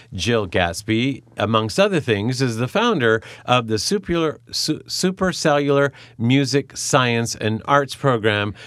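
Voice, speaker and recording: A man hosting an audio interview, halting and repeating his words, and laughing often. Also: mid-range voice, a bit bright, no echo. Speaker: host.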